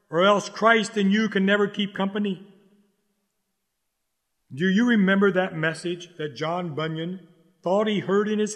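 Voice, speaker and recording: A man preaching a sermon in an urgent, exhorting way, repeating key lines slowly for stress. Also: high voice, in a large hall.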